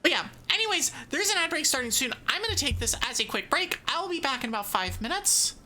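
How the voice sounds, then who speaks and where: Woman game streamer, bright high voice that jumps around a lot, chatty and self-mocking. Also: very animated, fast talker, slight background noise. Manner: thinks aloud while playing. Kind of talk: casual game-stream chat.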